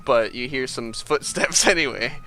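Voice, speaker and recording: Brief: male game master, bright tone, lively pitch, loose rambling narration, faint music behind. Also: moderate pace. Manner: rambling, full of "like" and laughter.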